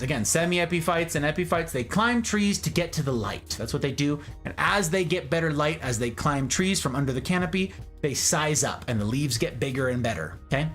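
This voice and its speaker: A man hosting a casual livestream, chatting animatedly about houseplants and reading out viewer comments. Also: fairly high pitch. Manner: animated, chatty, reads chat aloud. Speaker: livestream host. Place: indoor room full of plants.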